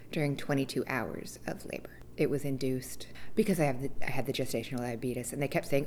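Woman with a low voice, expressive personal storyteller. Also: fairly quick, slight background noise. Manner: animated, acts out quoted people with big pitch jumps. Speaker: mother recounting childbirth.

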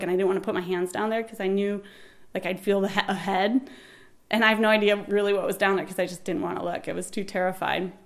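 A woman in her thirties recounts a personal birth story in a lively, animated way. She laughs often and acts out the shouted lines of the people in it. Her voice sits in a middle pitch.

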